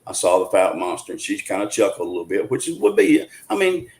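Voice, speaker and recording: A man's voice: low-pitched, sing-song, quick pace, vocal fry, darkish tone. A man, telling a story as an interview guest in an earnest, folksy way, with frequent restarts. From Arkansas, USA. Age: 60s.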